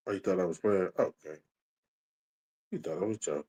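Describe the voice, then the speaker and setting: A man's voice: low-pitched, fairly quick, darkish tone, poor audio. A man hosting a casual livestream, reading viewer comments aloud and chatting in a laid-back, slangy way. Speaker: livestream host.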